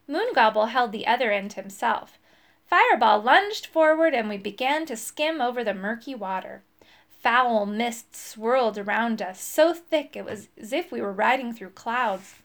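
A woman reading a children's adventure story aloud in a clear, expressive voice. Her tone sits a little high and keeps an even storytelling pace. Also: unhurried. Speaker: storybook reader.

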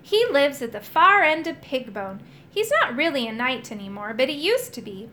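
Woman playing an eager excited young boy, high and bouncy, bright storybook voice. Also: moderate pace, slight background noise, full character voice. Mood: chatty.

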